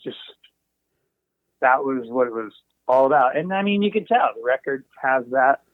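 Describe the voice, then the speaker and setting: A man's voice: medium pitch, lively intonation, normal speed, dry recording. A man tells stories in an easygoing, roundabout way, drifting into asides and restarting his sentences. His voice comes through a thin, phone-like call line. The sound is close and dry, with no room around it. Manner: meandering, full of asides and trailing restarts. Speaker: guest, recording engineer. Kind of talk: casual anecdotal storytelling.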